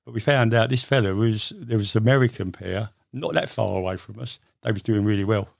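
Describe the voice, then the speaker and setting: A man's voice: fairly low pitch, a little fast, vocal fry, no room sound, studio quality. An older man from England, telling long stories in a rambling, casual way with many fillers. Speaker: guest. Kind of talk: casual storytelling interview.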